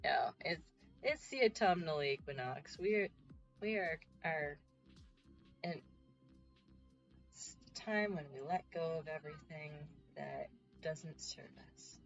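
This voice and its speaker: A woman's voice: low voice, slow pace, creaky, long pauses, dull audio, faint music behind. A woman chatting casually on a livestream while she paints, giggly and self-mocking. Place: home.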